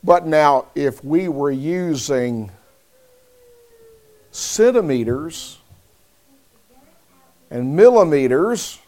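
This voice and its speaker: A man preaching a sermon, speaking deliberately and calling on listeners by name. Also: a little high, lively intonation, warm tone.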